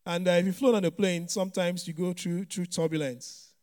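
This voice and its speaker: Man, pastor, relaxed chatty sermon, fairly high voice, peppered with "you know". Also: a little fast. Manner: chatty, many "you know" fillers, chuckles often. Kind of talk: conversational sermon.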